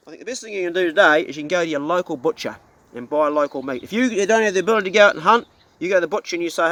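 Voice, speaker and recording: A man's voice: high-pitched, racing, fairly bright tone. Blunt, profane New Zealand man. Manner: blunt and profane, folksy storytelling. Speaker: hunting vlogger. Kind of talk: casual rant to camera.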